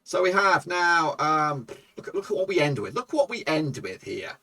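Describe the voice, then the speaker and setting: A man with a gravelly, slightly high voice calls the action of his football management game, getting loud and swearing freely. He sits a little back from the microphone. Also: normal speed, distant mic. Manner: excitable, swearing, shouts at goals. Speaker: gaming YouTuber. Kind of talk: live commentary over a football management game.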